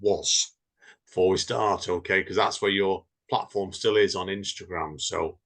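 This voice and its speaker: A man's voice: low voice, fairly even intonation, measured pace, a bit bright. A tired man hosting a podcast in a loose, rambling casual chat, laughing often. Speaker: podcast host.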